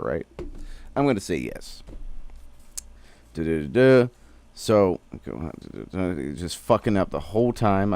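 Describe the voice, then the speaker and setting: A man with a deep, low voice talks loosely through an episode recap, swearing and riffing as he goes. The sound is close and dry, with almost no room around it. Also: no echo. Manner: slangy, profane, rambling. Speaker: streamer.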